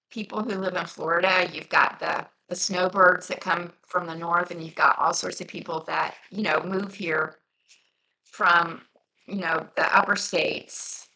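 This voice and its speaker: On her casual crafting vlog, a woman from just across the Ohio border near Cincinnati talks while she crafts, in a lowish voice that's bright and forceful with a light Southern twang. Her chatter rambles and is loaded with fillers, and the audio is poor.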